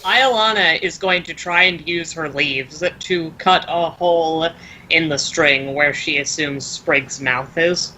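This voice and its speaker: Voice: mid-range voice, takes it slowly, bright, forceful tone, slight background noise, poor audio. A player in a tabletop role-play game, narrating their character's actions in a matter-of-fact way.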